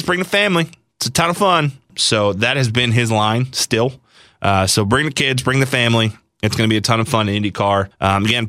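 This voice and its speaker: A man's voice: lowish voice, a bit bright, no room sound, studio quality. A man hosting a podcast, talking in a friendly, rambling way with many fillers. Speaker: podcast host. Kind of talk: casual podcast chat.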